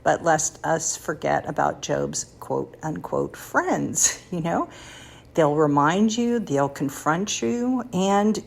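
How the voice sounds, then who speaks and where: Husky woman in her sixties, slow and confiding. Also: sits low, lively intonation. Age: 60s. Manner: warm, confiding, laughs between thoughts. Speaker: podcast host. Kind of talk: personal faith talk.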